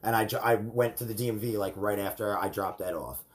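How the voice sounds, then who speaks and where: A man's voice: on the low side, a little fast. Rambling, laid-back young man. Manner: rambling storyteller, swears casually, acts out quotes. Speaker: podcast host. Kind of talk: casual chat.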